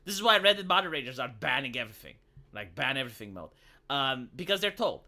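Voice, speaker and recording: A man's voice: mid-range voice, big pitch swings, quick pace, bright, forceful tone. A man in casual live-stream chat, talking animatedly and dropping into mocking impressions.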